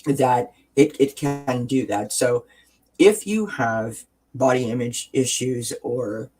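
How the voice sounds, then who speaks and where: A man's voice: mid-range voice, slow pace, a little mellow, poor audio. Man, wellness stream host; earnest, encouraging, rambles with restarts, webcam audio. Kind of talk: casual livestream chat.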